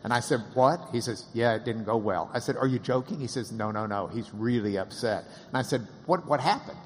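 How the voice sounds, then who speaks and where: A man with a drawl tells a story with lively delivery, slipping into the voices of the people he quotes. His voice sits at an average pitch. The sound rings with a long hall reverb. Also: brisk. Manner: animated, acts out quoted voices, laughs often. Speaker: interviewer and storyteller. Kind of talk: casual anecdotal storytelling.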